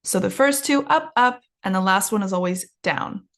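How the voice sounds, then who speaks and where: A woman's voice: medium pitch, animated, normal speed, gravelly, fairly bright tone. A woman teaching an English lesson, enunciating carefully and exaggerating rising and falling intonation so learners can copy it. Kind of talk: English lesson with shadowing practice.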